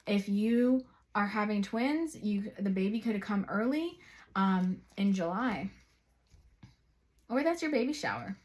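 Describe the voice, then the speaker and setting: A woman gives a psychic tarot reading and talks directly to her viewers. She is chatty and excitable, breaking off into rambling asides before coming back to the cards. Her voice sits at an ordinary middle pitch. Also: unhurried. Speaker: psychic reader.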